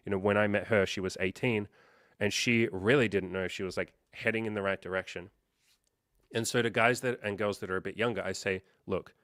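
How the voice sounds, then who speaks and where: A man hosting a livestream as a life coach, chatting casually and reading out viewer comments, with lots of fillers and quick quoted reactions. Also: lowish voice, fairly bright tone, dry recording, clean studio sound.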